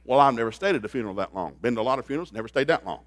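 A man preaching a sermon, telling stories in an animated way and laughing at them. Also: mid-range voice, racing, dry recording. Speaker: pastor. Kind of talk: storytelling sermon.

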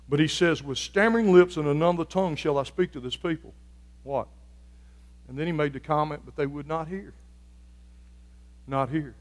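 A man preaching a sermon as a pastor, building from quiet, reflective talk to loud, fervent shouting. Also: a little high, normal speed, pauses often, big-room sound. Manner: preaching with rising fervor, shouting at peaks.

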